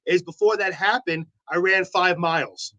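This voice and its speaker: A man's voice: high voice, steady tone, moderate pace, sharp tone, dull audio. A man co-hosting a local morning show, joking and playfully defending himself in studio banter. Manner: playful, mock-defensive teasing.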